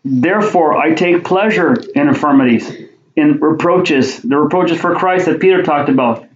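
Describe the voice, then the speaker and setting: A man's voice: a little high, normal speed. Man preaching, reading scripture aloud. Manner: reads King James verses aloud, then explains them conversationally with repeated words. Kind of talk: sermon with Bible reading. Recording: roomy, dull lo-fi sound.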